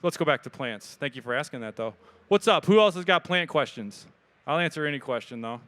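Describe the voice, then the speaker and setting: A man, answering questions from an audience at a live expo talk in a casual, joking, energetic way. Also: on the high side, brisk. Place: event hall with audience.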